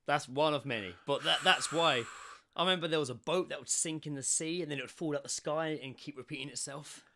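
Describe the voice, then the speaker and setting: A young man co-hosting a podcast, telling stories in a casual, animated way and swearing freely. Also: a little fast, noisy background. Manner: animated storyteller, swears freely, lively pitch swings. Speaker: podcast co-host. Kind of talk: casual chat.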